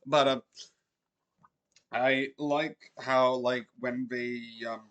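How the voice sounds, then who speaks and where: A man's voice: mid-range voice, little pitch movement, very slow, fairly bright tone, dull audio. A man from Britain, streaming a casual, rambling anime review full of fillers and self-corrections.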